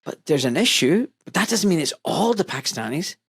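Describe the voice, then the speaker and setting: Blunt, animated man hosting a podcast. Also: on the high side, fairly quick, vocal fry, husky, no room sound. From Scotland. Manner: animated, blunt, full of asides and quoted voices. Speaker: podcast host, doctor. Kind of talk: casual opinionated podcast talk.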